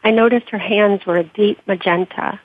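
Husky woman reading her memoir by phone. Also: mid-range voice, fairly even intonation, moderate pace. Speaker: author and interview guest. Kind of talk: reading her memoir aloud, then interview answers. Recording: dry tinny phone-like line.

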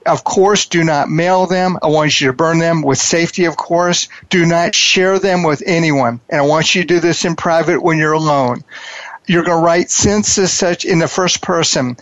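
A man hosting a coaching interview, talking in a preachy, emphatic way and repeating his key phrases slowly. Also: a little high, a bit bright, no echo, highs cut off. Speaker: podcast host and wealth coach.

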